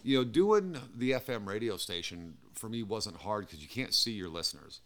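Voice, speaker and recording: A man's voice: lowish voice, big pitch swings, normal speed, a bit bright. A man hosting a podcast and chatting casually, swearing freely and laughing often as he tells stories. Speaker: podcast host and radio DJ. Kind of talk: casual chat.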